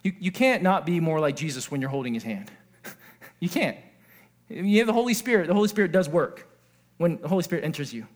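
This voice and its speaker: Male pastor with a high voice, earnest sermon delivery, moves between quiet and animated passages. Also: fairly quick. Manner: earnest, swings from hushed to excited.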